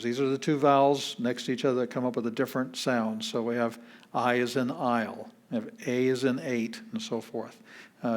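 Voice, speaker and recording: A man's voice: mid-range voice, a little mellow. A man, a pastor, teaching a beginner language class in a patient, plain-spoken way, walking through each step. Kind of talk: classroom lesson.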